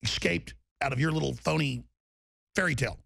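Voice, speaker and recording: A man's voice: a little high, fairly quick, creaky, fairly bright tone, no room sound, studio quality. A man delivering an angry political rant, heated and emphatic, with mocking asides. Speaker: political commentator.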